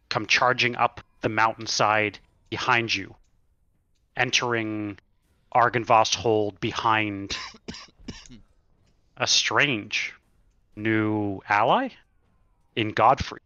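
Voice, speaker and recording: A man narrating a tabletop horror campaign as game master, slow and dramatic with pauses. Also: medium pitch, pushed and bright, no echo, highs cut off.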